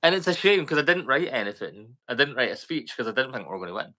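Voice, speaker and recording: A Scottish man co-hosting a casual podcast, his voice bright and forceful at a middle pitch. He tells rambling, animated stories. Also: fast talker. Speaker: podcast co-host. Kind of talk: casual chat.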